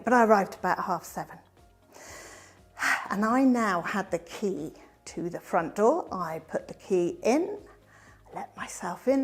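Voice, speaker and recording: A middle-aged woman with a medium-pitched voice presents her own life story. She's an animated storyteller, swinging from bright emphasis to hushed asides.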